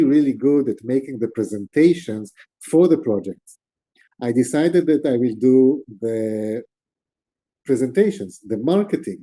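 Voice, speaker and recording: Dark-voiced man telling a story. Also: medium pitch, breathy edge. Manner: animated, gestures with hands while talking. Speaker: interview guest. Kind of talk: storytelling in conversation.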